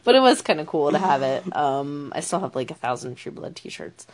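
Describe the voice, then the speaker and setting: A woman's voice: low-pitched, very animated, normal speed. A woman co-hosting a podcast in casual chat, talking easily with lots of "um" fillers. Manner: chatty, many "um" fillers, laughs easily. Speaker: podcast co-host.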